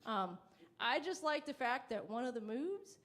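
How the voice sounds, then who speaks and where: A woman performing a stand-up comedy set on stage, deadpan and self-mocking, acting out little quoted exchanges. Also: sits high, a little slow. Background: audience laughter.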